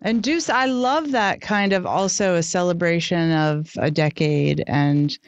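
A woman's voice: fairly low pitch, unhurried, dry recording, muffled recording. A woman hosting a chat show, enthusiastic and gushing, laughing a lot. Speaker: host. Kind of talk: casual chat.

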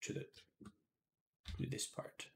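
A man live-streaming, quietly talking himself through 3D modeling work, sometimes dropping to soft whispered asides and getting chattier and amused when he answers chat. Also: slow pace. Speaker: livestreamer. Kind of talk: casual live-stream commentary while 3D modeling.

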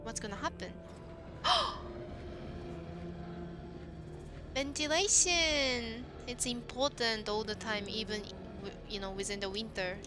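Talking a little fast with few pauses, she keeps her medium-pitched voice fairly level in pitch as music plays. It's casual commentary on a game she's streaming: simple, non-native English replies to her chat, with exclamations at on-screen events, in a Japanese accent.

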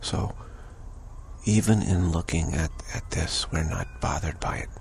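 A man giving a slow, contemplative spiritual talk, halting and repeating words, his voice rough with early morning. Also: rumbling low, slight background noise. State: early morning voice, clearing throat. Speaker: spiritual teacher.

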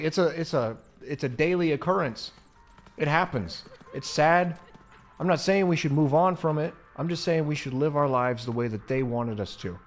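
A young man giving excitable, swear-filled let's play commentary on a horror game, yelping and shouting at scares. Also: a little high. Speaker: gamer.

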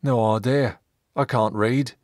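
A man voicing a brutal former slave chief in an audiobook, speaking slowly and deadpan about savage deeds. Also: medium pitch, dry recording, studio quality, natural voice. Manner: slow, deadpan, matter-of-fact cruelty.

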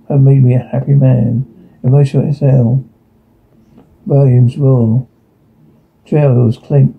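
A man reading aloud a TV episode's audio description and dialogue in a flat way, often stumbling and repeating words. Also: mid-range voice, creaky, husky. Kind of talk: reading aloud a transcript with sound cues. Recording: tinny phone-like sound.

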